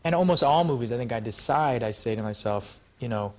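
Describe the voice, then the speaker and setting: A man, an actor guest on a talk show, telling stories in an animated, joking, self-mocking way. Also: medium pitch, a little fast. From United States.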